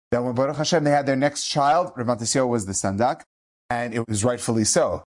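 A middle-aged man, a rabbi, giving an earnest inspirational eulogy, telling stories with Hebrew and Yiddish terms mixed in. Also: mid-range voice. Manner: acts out quoted speech in lively shifting voices.

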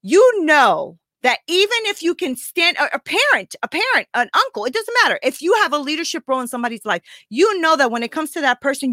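High, bright, emotional woman coach. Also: no room sound. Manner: raw, confessional, keeps asking "right?". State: close to tears. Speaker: life coach. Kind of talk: emotional live talk to viewers.

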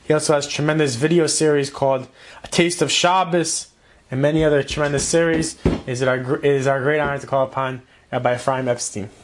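A man with a somewhat higher voice hosts an event and introduces the next speaker. He speaks haltingly, stopping and restarting his sentences again and again. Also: steady tone, a little hiss or hum.

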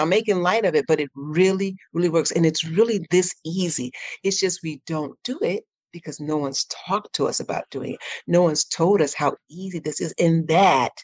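A woman speaking as a guest on a podcast, her voice sitting a bit low and recorded dry and close. She talks with animated energy, breaks into laughter often, and jumps up into playful high tones when she acts out her own thoughts. Her speech is warm-hearted and encouraging. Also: dry recording. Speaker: transformational coach, podcast guest. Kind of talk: casual podcast interview.

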